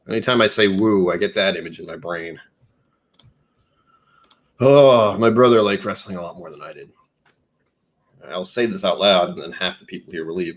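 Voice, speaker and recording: A man hosting a casual whiskey livestream, rambling and joking at his own expense. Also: low voice. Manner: rambling, self-mocking, jokey. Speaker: live streamer.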